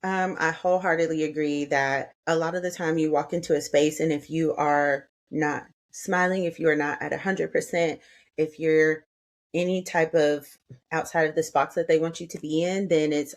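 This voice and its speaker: A woman's voice: low-pitched, fairly even intonation, normal speed. A young woman, an anesthesia student guest on a podcast, speaking candidly and telling stories. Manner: candid, storytelling, acts out quoted exchanges. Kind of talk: podcast interview.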